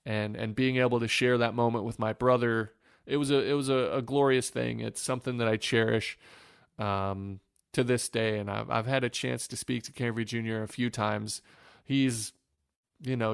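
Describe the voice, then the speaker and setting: A man, a former pro pitcher from Northwest Ohio, telling emotional stories in a podcast interview, with fillers and restarts. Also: vocal fry, clean tone, no echo, studio quality. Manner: emotional, reflective storytelling with many fillers and restarts.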